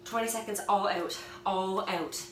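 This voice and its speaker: A woman's voice: mid-range voice, unhurried. A woman leading a home workout class, chatting and cheering viewers on between breaths, filmed on a phone from across the room. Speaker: fitness instructor. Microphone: phone camera from a distance. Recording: echoey room, distant phone mic, background noise.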